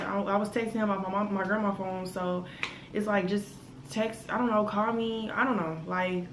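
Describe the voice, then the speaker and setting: A woman, telling a story to her camera in casual vlog chat, animated and full of asides, recorded on a phone. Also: medium pitch, echoey room, slight background noise, poor audio. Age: 20s. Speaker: vlogger.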